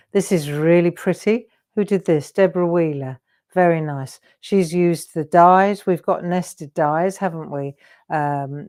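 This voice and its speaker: A woman's voice: lowish voice, a little mellow, smooth. A middle-aged woman hosting a live craft demonstration, chatty and encouraging, often asking her viewers questions. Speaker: craft show host.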